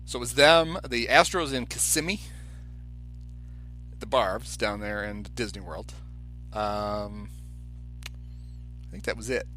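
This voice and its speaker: A podcast co-host tells a story in casual chat, acting out the people in it with their quoted voices. His fairly low voice moves slowly with long pauses, and faint music plays behind him.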